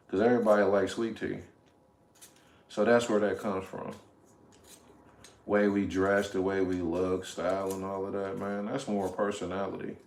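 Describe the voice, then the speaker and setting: A man's voice: on the low side, a little mellow, echoey room. A man hosting a casual livestream from his home kitchen, chatting easily with viewers while he cooks. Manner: laid-back, chatty, talks to viewers in chat. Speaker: livestream host.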